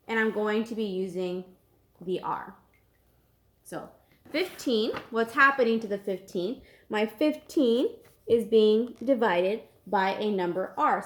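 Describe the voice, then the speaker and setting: A woman's voice: fairly high pitch, a little hiss or hum. Patient woman teaching a math lesson. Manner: patient, repeats each step slowly.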